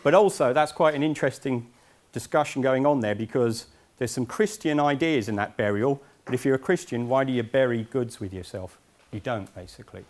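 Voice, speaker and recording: A man's voice: medium pitch, a little fast, a little mellow. A man from Essex with an English accent giving a university lecture in a lecture hall, chatty with wry asides. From Essex, England.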